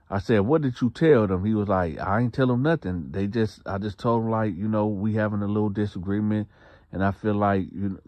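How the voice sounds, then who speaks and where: A man's voice: fairly low pitch, no room sound. A man casually telling a prison story in heavy slang, acting out each person's lines himself.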